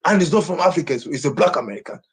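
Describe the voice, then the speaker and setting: A man's voice: fairly high pitch, animated, very fast, breathy edge. A Nigerian man ranting on a livestream, agitated and repeating the same phrases over and over.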